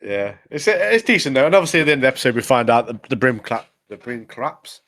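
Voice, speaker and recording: Man, relaxed joking co-host, very animated pitch, mid-range voice. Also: quick pace. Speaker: podcast co-host. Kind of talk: casual chat.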